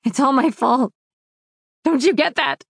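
A woman voicing a volatile young man in an audiobook, shouting raw and tearful. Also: sits high, unhurried, gravelly, dry recording, clean studio sound, voice pushed up. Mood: furious anguish. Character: enraged grieving young man, volatile dragon brother.

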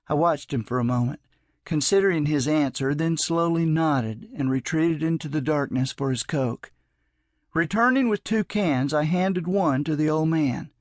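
A man's voice: a little high, unhurried, no echo. A man narrating his own book in a plain first-person storytelling manner, recorded in a studio booth. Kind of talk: audiobook narration.

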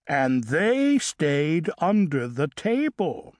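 A gentle old man who speaks with quiet, wry understatement, voiced by a man reading a children's storybook. He talks slowly and calmly, and the recording is close and dry, with no room sound. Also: fairly high pitch, no echo, heavily acted. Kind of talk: audiobook character voice.

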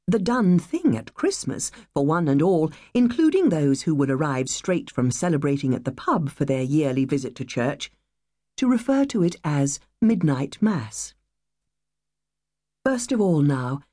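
A woman's voice: sits low, warm tone, husky, no echo, studio quality. Reflective woman narrating an audiobook. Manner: measured, reflective, wistful. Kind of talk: first-person audiobook narration.

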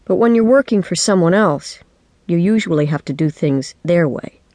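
A woman's voice: fairly low pitch, lively intonation, moderate pace, dark tone, dry recording. Woman narrating a kids' audiobook. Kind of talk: first-person children's audiobook narration. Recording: dry studio audiobook.

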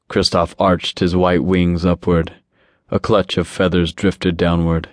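A man reading an audiobook in a steady, measured scripted narration. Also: sits low, dry recording, clean studio sound.

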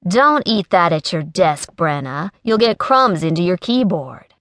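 A woman's voice: fairly low pitch, expressive, measured pace, fairly bright tone, no room sound, studio quality. A woman voicing a stern, fussy male boss who scolds in an audiobook. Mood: disapproving. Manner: stern, disapproving.

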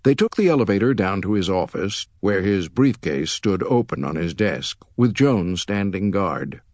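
A male audiobook narrator with a fairly low voice that rises and falls with lively expression. He reads in a measured, storytelling way. The recording is close and completely dry. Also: no room sound. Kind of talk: scripted narration. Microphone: close studio mic.

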